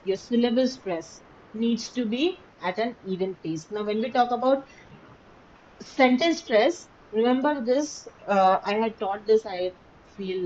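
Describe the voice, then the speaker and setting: Female instructor, emphatic lecture delivery with frequent check-ins; slightly muffled recording, faint low hum. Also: darkish tone. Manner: emphatic, repeats key words, checks understanding. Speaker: teacher. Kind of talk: online class lecture.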